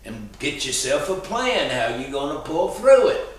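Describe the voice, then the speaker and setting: A man voicing a kindly older mountain man, talking softly and with a drawl. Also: a little high, sing-song, measured pace. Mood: folksy advice. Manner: soft, drawling and consoling. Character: kindly old mountain man, gentle and folksy. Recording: roomy, distant mic.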